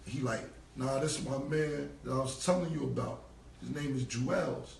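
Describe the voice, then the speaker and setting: A man's voice: medium pitch, normal speed, creaky. A man telling a long, profane story on a phone livestream, loose and casual, acting out the people in it. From New York. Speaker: rapper telling stories on a livestream. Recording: roomy, distant phone audio with faint noise.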